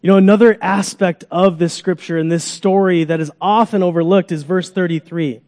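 High-voiced man preaching in a reverberant hall. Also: moderate pace. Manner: animated, acts out groans and cries. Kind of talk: sermon. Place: church sanctuary.

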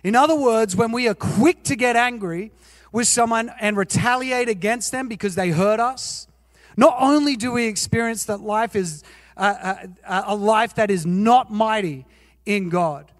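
A man's voice: high voice, measured pace, dry recording, big-room sound. A male pastor preaching a sermon, telling self-mocking personal stories and asking his listeners questions. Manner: animated, self-mocking, asks the audience questions.

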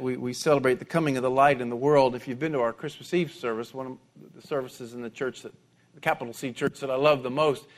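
High-voiced conversational male preacher. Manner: conversational, repeats words when restarting. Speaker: pastor. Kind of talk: sermon.

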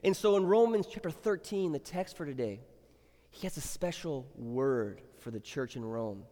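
A middle-aged male pastor preaching in a church sanctuary, his fairly high voice ringing through a long hall reverb. He talks in a relaxed, chatty way and then swells into emphatic exhortation. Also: moderate pace. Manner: conversational, builds to emphatic exhortation. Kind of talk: sermon.

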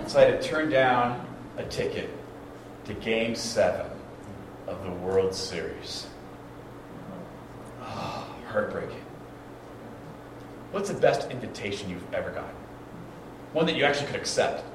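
A man preaching a sermon as a pastor, telling stories in an animated way and acting out the dialogue with stammered restarts. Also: medium pitch, normal speed. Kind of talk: storytelling sermon. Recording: very echoey room, distant mic, background noise.

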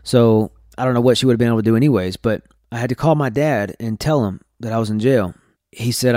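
A man's voice: mid-range voice, animated, brisk, dark tone, no echo, studio quality. Earnest man telling his testimony. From Texas. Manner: earnest, candid, with frequent restarts. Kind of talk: personal testimony storytelling.

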